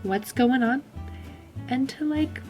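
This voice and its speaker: A woman's voice: high-pitched, slow pace, darkish tone, faint music behind. A woman in her twenties chatting casually to camera in a vlog, full of "um" and "like" fillers. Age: 20s. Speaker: vlogger. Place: school during lunch break.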